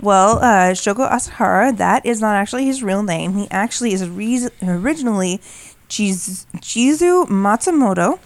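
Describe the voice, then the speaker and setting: A woman's voice: mid-range voice, animated, moderate pace. A woman co-hosting a podcast, explaining in casual chat with many restarts and fillers. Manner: rambling, frequent restarts and fillers. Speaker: podcast co-host.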